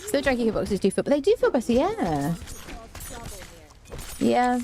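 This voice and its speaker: A woman's voice: a little high, wildly swooping pitch, normal speed, warm tone. A woman giving casual, wry commentary while playing a game and chatting to her cat. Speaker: gaming streamer.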